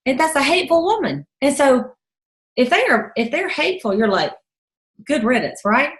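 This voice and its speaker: A woman's voice: sing-song, moderate pace, echoey room. A woman leading a sales team call, telling a story in a chatty way and acting out the voices of others. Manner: chatty storyteller, acts out quotes in a high voice. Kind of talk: motivational team call talk.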